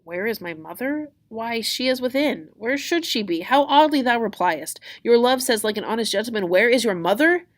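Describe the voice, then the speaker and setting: A woman reading a play aloud in class, voicing a young teenage girl who is impatient and lovesick, in a higher, louder and pleading delivery. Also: normal speed, lightly acted. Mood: exasperated.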